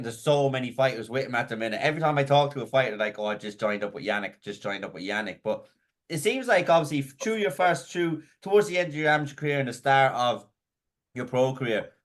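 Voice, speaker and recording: A man's voice: medium pitch, fairly bright tone. A man interviewing a fighter, asking long, loose questions full of fillers. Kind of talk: casual interview.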